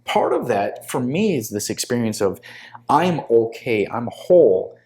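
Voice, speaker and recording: A man in his fifties, a podcast host, telling a story in an animated way and acting out the dialogue. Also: mid-range voice, measured pace, a little hiss or hum. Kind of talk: casual conversation.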